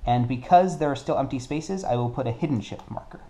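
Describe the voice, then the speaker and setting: A man's voice: mid-range voice, fairly quick, dark tone. A man playing a solo tabletop game and explaining its rules in a casual way, thinking aloud and correcting himself as he goes. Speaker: board game player.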